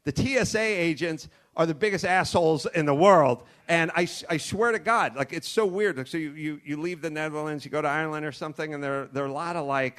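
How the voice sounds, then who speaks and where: A middle-aged American man hosting a comedy show, telling rambling, profane stories with animated asides into a studio mic. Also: a little high, brisk, few pauses. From United States. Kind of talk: comedic storytelling. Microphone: studio mic with cord.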